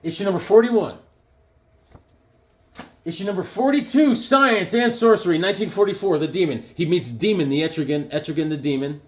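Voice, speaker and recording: A man talking casually and excitedly, rambling through his collection with lots of fillers and restarts. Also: high voice, brisk. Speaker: comic book collector reviewing issues. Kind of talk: casual show-and-tell vlog.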